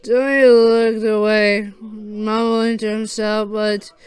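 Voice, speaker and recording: Halting storyteller reading a fan story. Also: mid-range voice, flat delivery, clear, resonant tone, no echo. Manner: halting, reads with restarts.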